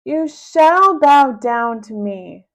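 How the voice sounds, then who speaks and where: A woman voicing a bratty, pompous boy villain who barks orders in a high, slow, drawn-out voice. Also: lively intonation. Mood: commanding. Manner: high, loud, drawn-out commanding delivery. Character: pompous bratty boy turned bossy supervillain. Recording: dull low-fidelity sound.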